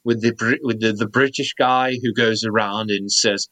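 A man's voice: on the low side, fairly even intonation, moderate pace, few pauses, bright, forceful tone, rough recording. A man in his thirties co-hosting a podcast, chatting casually and rambling with lots of fillers. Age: 30s. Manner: rambling, many fillers and restarts. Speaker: podcast co-host. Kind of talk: casual chat.

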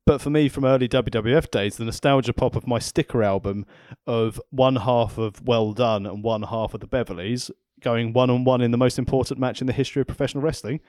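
A man's voice: medium pitch, steady tone, brisk, a little mellow, no room sound. Man explaining with dry jokes. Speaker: podcast co-host. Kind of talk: casual chat.

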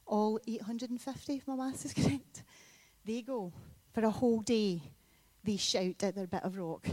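A woman preaching a sermon in a church, telling a story with lively bursts of loud emphasis. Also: a little high, normal speed, no room sound. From Scotland. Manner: animated storytelling with sudden loud peaks.

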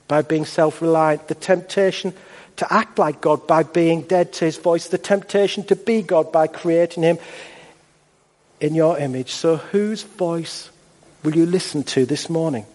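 Male pastor, high voice, emphatic sermon cadence, long hall reverb. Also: darkish tone. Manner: measured, emphatic, rhetorical repetition.

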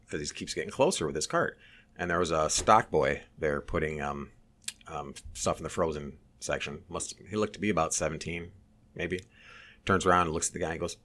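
A man telling a story in casual chat, animated and swearing, mimicking others in a high voice. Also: fast talker.

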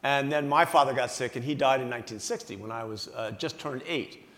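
A man in his sixties from the Philadelphia area, a guest speaker telling a story on stage, animated and self-mocking, laughing as he talks. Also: mid-range voice, brisk. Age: 60s. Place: large banquet hall. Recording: echoey hall with long reverb.

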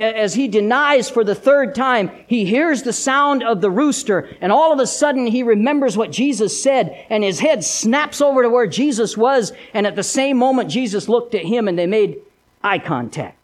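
A male pastor preaching a sermon in a dramatic storytelling way, swinging between loud emphasis and hushed, low lines. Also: expressive, moderate pace.

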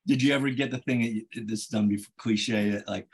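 Man in casual chat, husky and raspy, loose rambling delivery. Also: medium pitch, fairly even intonation, quick pace. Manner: rambling, laughs between phrases. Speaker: co-host.

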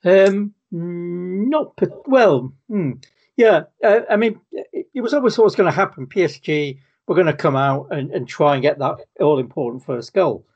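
A man, a podcast co-host, giving measured and somewhat hesitant answers in a casual football chat. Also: high voice, expressive, a little mellow. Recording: muffled lo-fi audio.

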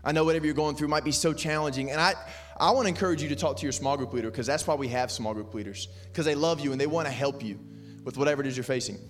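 A man giving an earnest, lively youth sermon and leading a prayer. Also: on the high side. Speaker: youth pastor.

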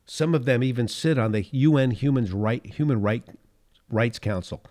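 A man's voice: mid-range voice, normal speed, dark tone. A middle-aged man hosting a political commentary podcast, talking with sarcasm, getting fired up and then pulling himself back down. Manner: sarcastic, heats up then reins himself in, chuckles at his own points. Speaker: podcast host.

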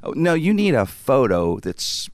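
A man voicing a patient, polite female clerk calmly explaining the rules. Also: mid-range voice, measured pace, no room sound, clean studio sound, voice pushed down.

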